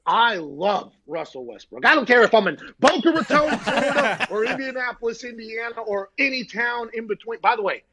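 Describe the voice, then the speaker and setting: A man hosting a sports talk show, chatting loosely and telling jokey stories in a loud, excitable way, running on little sleep. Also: very high voice, brisk, hardly any pauses, a crowd in the background. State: short on sleep. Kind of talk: casual sports chat.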